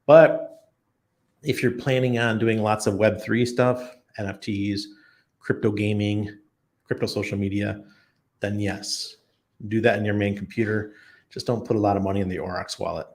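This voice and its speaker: A man with a lowish, gravelly voice hosts a relaxed livestream. He reads out viewer comments one after another and answers each one off the cuff, chatting loosely and thinking aloud as he goes. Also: moderate pace. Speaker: crypto livestream host. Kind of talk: casual live chat, reading viewer comments. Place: home in Panama.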